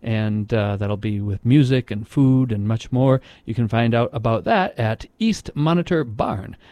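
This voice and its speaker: A man hosting a radio show in an unhurried, casual style, with frequent "uh"s and "um"s. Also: medium pitch, dark tone, dry recording. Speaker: radio host.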